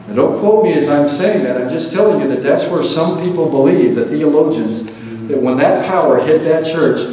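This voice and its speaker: A man's voice: on the high side, normal speed, dark tone, a little hiss or hum. A male pastor delivering a fervent, rhythmic sermon from a church pulpit, his calls rising and falling. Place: church sanctuary. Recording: echoey church hall from far off.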